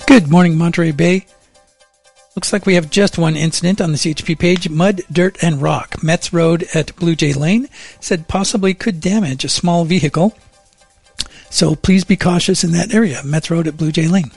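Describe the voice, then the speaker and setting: A man reads the local traffic and weather on morning radio. His voice sits a little high and has a husky, gravelly grain. Delivery is steady and measured, close to a dry studio microphone. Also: no room sound, faint music behind. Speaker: traffic reporter.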